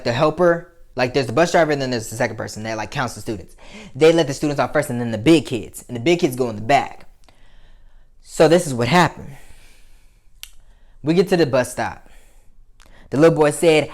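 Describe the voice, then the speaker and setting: A man telling a casual story to his viewers, animated and profane, swinging between loud outbursts and muttered asides. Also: mid-range voice, a little fast. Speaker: vlogger.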